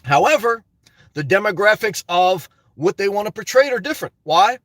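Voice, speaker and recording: A man's voice: high voice, expressive, normal speed, fairly bright tone, dry recording. A man venting and telling stories to his viewers in a rambling, casual monologue, often calling them "guys.". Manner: rambling, storytelling, frequent "guys" asides and laughs. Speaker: YouTuber.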